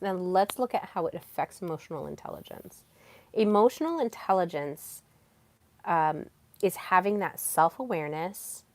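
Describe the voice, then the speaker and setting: Frank, low-voiced woman podcaster. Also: dry recording. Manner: frank and casual, swears freely, self-disclosing. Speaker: podcast host. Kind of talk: candid solo podcast monologue.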